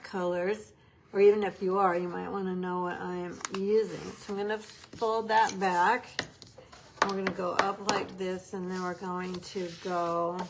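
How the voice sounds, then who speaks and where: A woman's voice: mid-range voice, background noise. A woman giving a casual, upbeat craft tutorial, chatting as she works with her hands. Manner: chatty, upbeat, talks while working with hands. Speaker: papercraft demonstrator.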